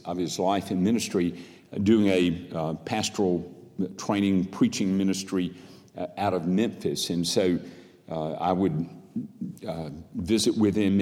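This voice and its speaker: Middle-aged male pastor, lowish voice, halting storyteller turning fervent, reverberant sanctuary. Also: a little mellow. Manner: halting, then rising to fervent preaching. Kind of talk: sermon.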